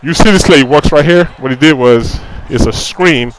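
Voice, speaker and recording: A man's voice: fairly high pitch, moderate pace, noisy background. Frustrated man ranting over gameplay. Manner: repeats himself, fillers like "you know". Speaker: gaming commentator. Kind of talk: casual gameplay commentary.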